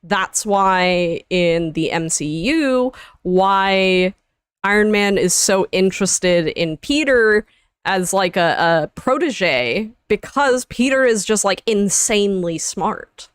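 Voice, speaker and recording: A woman's voice: mid-range voice, lively intonation, slow, smooth, dry recording, clean studio sound. A woman in casual chat as a stream co-host, chatty with many fillers.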